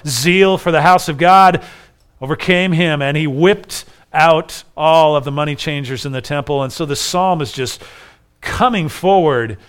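A man delivers a sermon in a smooth, resonant voice pitched a little above the usual male range. He reads scripture aloud and explains it, building to emphatic declarations. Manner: expository preaching, reading scripture aloud, rising to emphatic declarations. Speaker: preacher.

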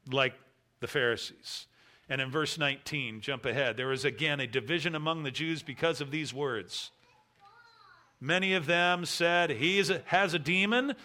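Bright-toned, emphatic male preacher. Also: fairly high pitch. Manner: emphatic, stresses key words with bursts of volume. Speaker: pastor. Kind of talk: sermon.

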